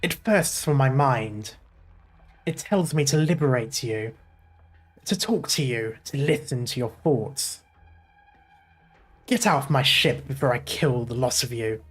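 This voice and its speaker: A gravelly, smoke-roughened ship captain, put on by a man reading a game's story aloud. His body is becoming part sea monster, and he speaks slowly and with menace. The voice sits in a middle register with faint music underneath. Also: mid-range voice, lively intonation. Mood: tormented, threatening. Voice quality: gravelly, smoky.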